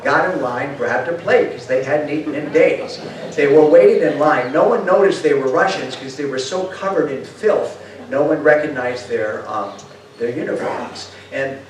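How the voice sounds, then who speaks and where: An older man giving a storytelling talk to an audience, a lively speaker who acts out quotes and puts questions to the room. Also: a little high, slight background noise. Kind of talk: storytelling lecture. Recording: roomy hall sound from far off.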